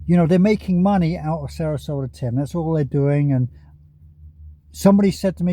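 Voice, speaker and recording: Man, vlogger, parked car, mellow tone, fairly high voice, rambling, chuckles. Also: fast talker, no echo. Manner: chatty, chuckles often, trails off. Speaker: vlogger commenting on other YouTubers. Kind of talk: casual rambling commentary.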